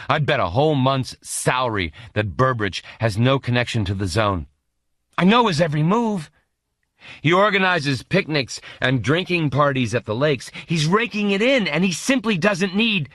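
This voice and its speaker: A man's voice: fairly low pitch, a bit bright, no room sound, clean studio sound, pitched above the performer's own voice. A male narrator voicing a flustered middle-aged agent who babbles apologetically.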